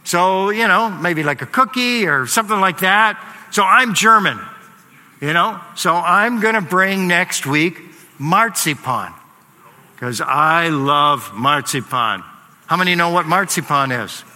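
Male pastor, conversational preacher, high and bright, reverberant hall sound. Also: moderate pace. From Canada. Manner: conversational, filler-heavy, jokes with the congregation. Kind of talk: sermon. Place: church hall.

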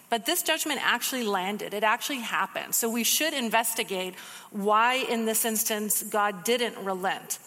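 A woman giving a casual, conversational sermon, teaching from a book of the Bible with quick asides. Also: a little high, fairly bright tone, big-room sound.

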